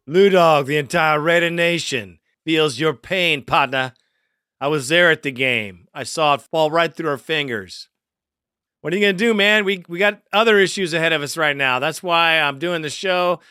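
A man's voice: a little high, moderate pace, sharp tone, clear, resonant tone, dry recording, clean studio sound. A man hosting a fan call-in sports show, hyped and profane, calling callers partner. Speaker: podcast host.

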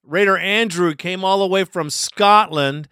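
A man with a high, bright voice hosts a sports podcast and rants about a loss. The sound is crisp and dry, with no room around it. He talks casually, frustrated but still laughing now and then. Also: a little slow, no echo. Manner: frustrated, ranting, with a laugh in his voice. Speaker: podcast host. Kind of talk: casual postgame commentary.

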